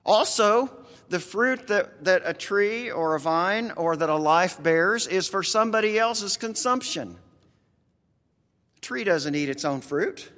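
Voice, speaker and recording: A man's voice: high-pitched, expressive, a little slow, sharp tone, long reverb tail. A man with a rural American accent preaching a conversational sermon, earnest and folksy, talking straight to his congregation.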